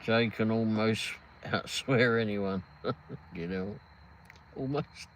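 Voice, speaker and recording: A man's voice: on the low side, slow pace, a bit bright, slight background noise, rough recording. A man in his fifties with an English accent, hosting a casual live stream, rambling and reading chat aloud. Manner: rambling, reads chat aloud, laughs often. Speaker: livestream host.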